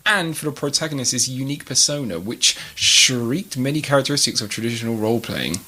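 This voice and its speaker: A man hosting a casual podcast, reading quickly and stumbling over words. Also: mid-range voice, animated, bright, forceful tone. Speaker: podcast host.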